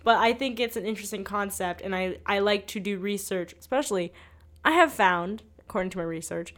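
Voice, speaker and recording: A young woman hosting a podcast in casual chat, joking and excitable, with lots of fillers. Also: mid-range voice, a little fast. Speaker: podcast host.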